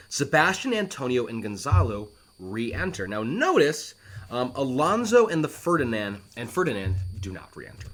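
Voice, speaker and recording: A man talks through an old play line by line in a relaxed, conversational teaching manner. His voice sits at a middling pitch but moves in lively swings as he explains. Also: moderate pace. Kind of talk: casual educational explanation.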